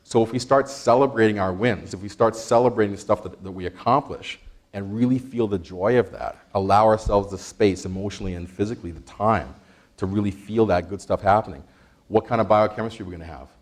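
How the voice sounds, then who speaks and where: A man presenting an interactive workshop, energetic, quizzing the audience and laughing often. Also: fairly low pitch, fairly quick. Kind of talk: interactive stress-management workshop.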